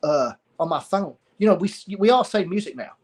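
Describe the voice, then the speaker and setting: A middle-aged man with a somewhat high voice tells a personal story of loss. He speaks haltingly, pausing often and starting phrases over. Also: animated, slightly rough. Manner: halting, pauses and repeats words. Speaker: guest sharing a story of loss.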